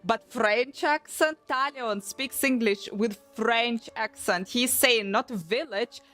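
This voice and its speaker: A young woman chatting casually on a live stream, animated and swearing often as she restarts her sentences. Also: fairly high pitch, slow. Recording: faint background music.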